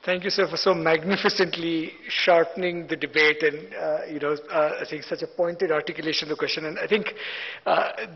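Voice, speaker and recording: An Indian man moderates a panel in a large hotel hall, polite and full of hesitations. His voice sits somewhat high. The recording is dull and heavy with long reverb. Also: fairly even intonation, brisk, creaky, a little hiss or hum. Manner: hesitant, many fillers, polite.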